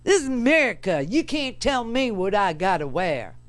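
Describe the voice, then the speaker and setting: A woman's voice: mid-range voice, sing-song, moderate pace, lightly acted. A woman voicing an indignant, stubborn old man with a Southern accent. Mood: defiant. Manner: indignant, chin out, declaiming.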